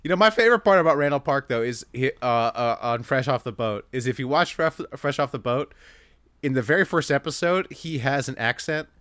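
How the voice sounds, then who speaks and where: A man's voice: medium pitch, lively intonation, a little fast, a bit bright, no echo, clean studio sound. A young man hosting a casual podcast chat, reading listener questions and joking with frequent laughs and restarts.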